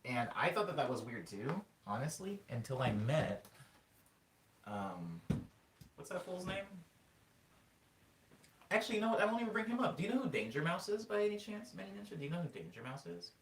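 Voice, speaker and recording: A man's voice: fairly high pitch, brisk, long pauses, distant mic, background noise. A young man streaming, chatting casually to viewers and wandering off track as he tells stories. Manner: rambling, animated storytelling with filler words. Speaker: music streamer answering chat. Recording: echoey room, voice a bit off-mic.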